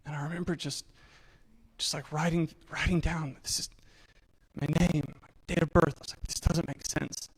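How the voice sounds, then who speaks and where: Guy telling his own story on stage, kinda high voice, candid, jokes at himself, does the voices of people he quotes. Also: level tone, normal speed, breathy edge, rough recording. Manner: candid, self-deprecating, acts out dialogue. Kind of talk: personal storytelling talk on stage.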